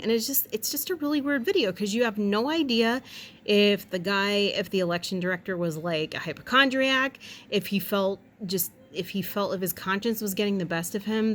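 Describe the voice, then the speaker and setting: Rambling, wry woman vlogger. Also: mid-range voice. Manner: rambling, wry, quick to swear and joke. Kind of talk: casual chat.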